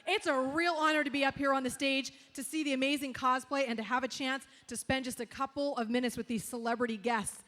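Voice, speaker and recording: A woman's voice: high-pitched, steady tone, fast, few pauses, fairly bright tone. A woman moderating a fan convention panel on stage, eager and bubbly, calling herself a resident geek. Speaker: panel moderator, local TV presenter.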